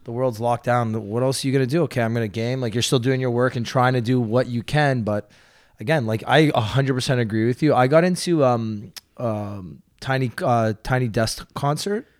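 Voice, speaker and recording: A man hosting an interview podcast, asking questions in a relaxed, chatty way. His pitch is middling for a man. The sound is dry, with no room echo. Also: moderate pace. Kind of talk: casual interview chat.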